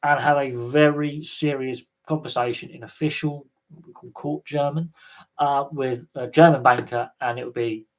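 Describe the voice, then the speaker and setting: A man's voice: mid-range voice, fairly even intonation, normal speed. English guy w thames valley accent chatting on a livestream, lots of ums and restarts. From England. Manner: rambling, frequent fillers and restarts. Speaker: livestream host. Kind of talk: casual livestream chat.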